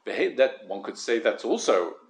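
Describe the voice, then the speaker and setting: A man giving a Torah lesson, careful and measured, stressing key words and often repeating himself as he weighs a point. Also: fairly low pitch, big pitch swings. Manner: careful, measured, with frequent word repetitions. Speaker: Torah teacher. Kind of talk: Torah lesson on the weekly portion.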